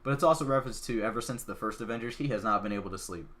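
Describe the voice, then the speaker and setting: A podcast host, a man, talks through a film's plot in an eager, rambling way, with lots of "like" fillers. His voice sits somewhat low. He sounds casual and caught up in the story. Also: racing. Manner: excitable, chatty, lots of "like" fillers. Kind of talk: casual movie recap.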